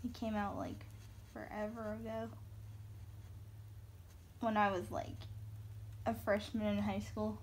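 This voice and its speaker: Slow, giggly woman coloring and chatting. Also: medium pitch, little pitch movement, a little hiss or hum. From American South. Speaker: coloring video host. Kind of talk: casual chat while coloring.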